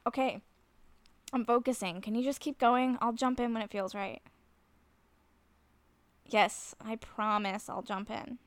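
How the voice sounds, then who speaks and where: Flustered woman in an audio role-play, nervous and self-conscious, with a fairly high voice and a dry, close sound. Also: fairly even intonation, a little slow, pauses often, dry recording. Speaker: nervous woman talking to a friend on the phone.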